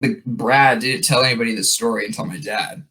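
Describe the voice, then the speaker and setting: A man's voice: mid-range voice, brisk, a crowd in the background, rough recording. A man hosting a podcast, telling a story in a rambling casual way with many fillers and restarts. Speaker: podcast host.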